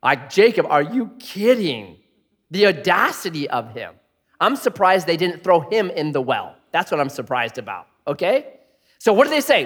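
Animated male pastor preaching in a hall. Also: sits high, normal speed. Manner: animated, jokey, acts out voices. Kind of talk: sermon. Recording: long hall reverb.

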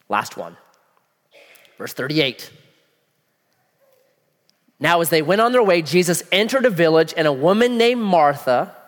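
Man preaching, high lively voice, casual slang, questions to the crowd, long hall echo. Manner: animated, acts out voices of people in the story. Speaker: pastor. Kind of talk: sermon.

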